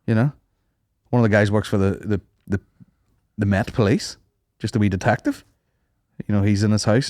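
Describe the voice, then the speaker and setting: A man's voice: lowish voice, a little fast, dry recording, clean studio sound. A young man hosting a podcast, chatting casually and telling stories full of swearing. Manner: animated, sweary storyteller. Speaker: podcast host. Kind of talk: casual chat.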